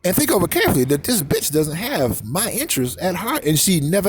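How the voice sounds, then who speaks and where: A man ranting in a crude, comedic vlog monologue, repeating words rapid-fire and mimicking voices and sound effects. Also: high-pitched, very animated, slightly rough. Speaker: vlogger.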